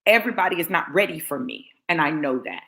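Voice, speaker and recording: A woman's voice: deep voice, animated, fast talker, vocal fry, pushed and bright. A woman delivers a fiery sermon. She is blunt and confrontational, driving each point home through emphatic repetition. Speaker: motivational preacher.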